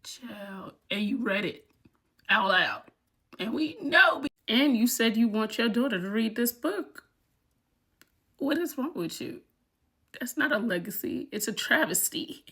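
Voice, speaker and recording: A woman giving casual commentary to her viewers, animated and exclaiming as she talks straight to them. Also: a little high, unhurried, long pauses, husky, dry recording, clean studio sound. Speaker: commentary vlogger.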